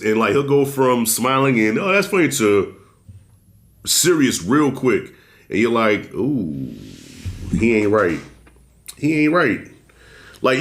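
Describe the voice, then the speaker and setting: A man co-hosting a casual horror movie review, blunt and profane, telling scenes with animated storytelling. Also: medium pitch. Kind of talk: casual spoiler discussion.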